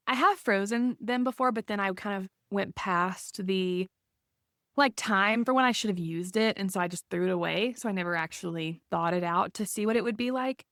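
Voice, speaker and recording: A woman at a middle pitch chats casually as a podcast co-host, rambling a bit with plenty of likes and ums. Her voice sounds close and dry, with no echo. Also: moderate pace, fairly bright tone.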